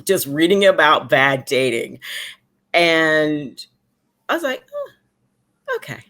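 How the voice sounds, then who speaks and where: A woman in her forties talks as a guest on a video call, her fairly low voice rising and falling in wide swings. She tells her stories with lively energy and slips into the voices of the people in them. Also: slow. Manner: animated storyteller, acts out voices of others. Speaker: romance author guest. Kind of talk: casual interview chat.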